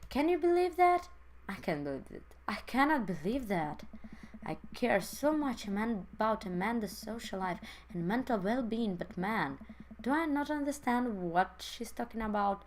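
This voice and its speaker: A woman's voice: fairly high pitch, lively intonation, moderate pace, lightly acted. Woman doing a dorky supportive dad, jokey and a bit lost, faint hiss behind. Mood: bemused. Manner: jokey, fumbling, tries hard to be supportive. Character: goofy, earnest middle-aged single dad.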